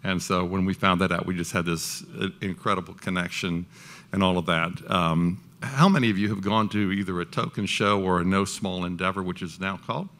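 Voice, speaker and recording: A man's voice: deep voice, steady tone, a little fast, fairly bright tone. A man moderating an event, thanking the speaker and addressing the audience in a rambling, hesitant way. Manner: rambling, hesitant, many ums. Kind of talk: casual remarks to an audience.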